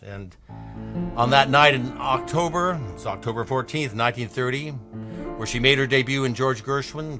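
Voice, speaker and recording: Bright-voiced older man lecturing on songs. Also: medium pitch. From New Mexico. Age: 70s. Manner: enthusiastic storyteller, halting restarts. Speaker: lecturer and pianist-singer. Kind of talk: anecdotal music lecture.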